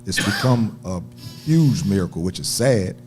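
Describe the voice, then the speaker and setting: A man's voice: low-pitched, expressive, a little slow, over music. A man co-hosting a talk show, speaking reflectively. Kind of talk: casual chat.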